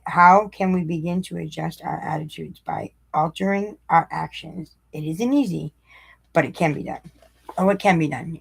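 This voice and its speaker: A woman reading a daily recovery meditation aloud, breaking off with blunt, sarcastic asides and slowing down to repeat lines for emphasis. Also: sits low, vocal fry, husky.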